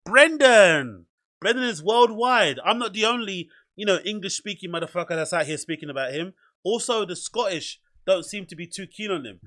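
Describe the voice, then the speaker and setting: A man hosts a podcast, talking over clips in loose, self-mocking rambles. His voice sits a bit high and rings bright and forceful. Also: brisk, hardly any pauses. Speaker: podcast host. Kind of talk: casual commentary over clips.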